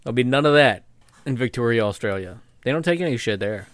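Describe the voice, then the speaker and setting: Lively male co-host with a bouncy, expressive voice and dry, close sound. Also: mid-range voice, fast talker, clear, resonant tone, no echo. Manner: animated, laughs often. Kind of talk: casual chat.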